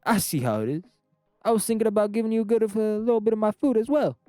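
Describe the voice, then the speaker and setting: A man putting on a loud cocky mobster teen. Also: high-pitched, big pitch swings, no echo, soft background music, voice pushed up. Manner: aggressive, picking fights, rapid-fire taunts. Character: brash teenage boy turned Italian-style mob tough.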